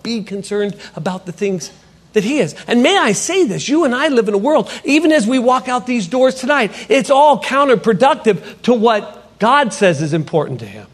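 A middle-aged man giving a spoken testimony in a church setting, an animated storyteller who acts out the dialogue. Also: sits high. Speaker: potter and ministry speaker. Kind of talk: testimony sermon.

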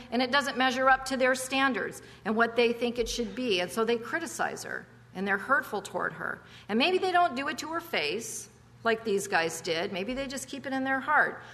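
A preacher, a woman with a medium-pitched voice that is bright and forceful, gives a conversational sermon. She speaks with emphasis, working in chatty asides and rhetorical questions, and a long reverb from a large hall trails her words.

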